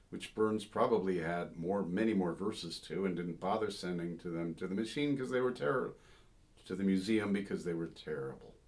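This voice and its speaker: A very low-pitched man talks through the history of an old song in a relaxed, digressive way. He muses aloud, pauses on details, and now and then breaks into a sung phrase to make his point. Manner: thoughtful, digressive, sings short phrases to illustrate. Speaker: folk singer and song scholar. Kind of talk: informal spoken commentary on a song.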